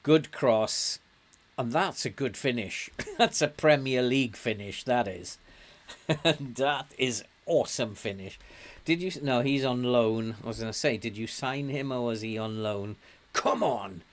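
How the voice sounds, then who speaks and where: An older man from England talks through a football management game at an unhurried, easygoing pace. He chats casually, laughs often, and gets loud cheering his players on. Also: medium pitch. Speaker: game streamer. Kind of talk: casual gameplay commentary.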